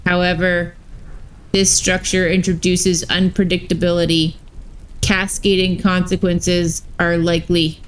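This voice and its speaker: A woman voicing emotionless robotic cosmic wardens in a storybook reading, with a flat, clipped, machine-like delivery. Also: on the low side, unhurried, smooth, natural voice, low-quality recording. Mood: cold, clipped.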